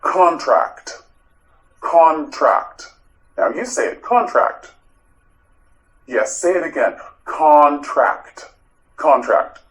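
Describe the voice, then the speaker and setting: A man's voice: fairly high pitch, expressive, very slow, pauses often, a bit bright, poor audio. A man teaching English vocabulary, saying each word several times and asking the learner to repeat it. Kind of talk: slow drilled pronunciation lesson.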